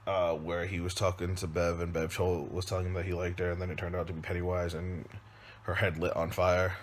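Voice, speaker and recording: Man, very low voice, casual rambling film review, hesitant restarts. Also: flat delivery, a little fast, a little hiss or hum. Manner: loose and rambling, many ums and restarts. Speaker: father; movie reviewer. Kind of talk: casual spoken movie recap.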